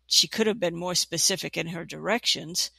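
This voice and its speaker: A storybook narrator voicing an elf who grumbles slowly about vague directions. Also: medium pitch, gravelly, pushed and bright, slightly rough, no echo, heavily acted. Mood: grumbling.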